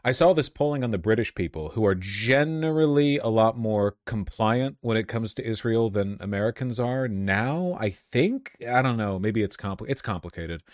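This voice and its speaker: Sardonic man, low dry voice. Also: animated, normal speed, hardly any pauses, no room sound. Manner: sardonic, profane, laughing asides. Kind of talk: casual political commentary.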